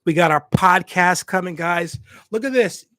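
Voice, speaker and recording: His voice sits high, pushed and bright, at a moderate pace. As host of a hospitality channel's casual livestream, he addresses viewers emphatically and repeats phrases for weight. The recording, from a USB desk microphone, is studio quality with no room sound.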